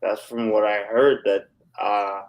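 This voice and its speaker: A man co-hosting a podcast in casual chat, speaking slowly and tentatively. His voice sits fairly low, and he hedges often with little fillers. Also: flat delivery, rough recording. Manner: slow, tentative, hedging with "like". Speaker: podcast co-host.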